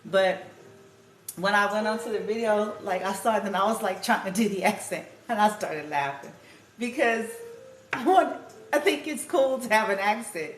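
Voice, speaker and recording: A woman's voice: mid-range voice, lively intonation, normal speed, a little hiss or hum. Chatty woman doing a tarot reading. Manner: chatty, laughs often, casual swearing. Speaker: tarot card reader. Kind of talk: casual spiritual card reading. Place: room at home with music playing. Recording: echoey room with music playing.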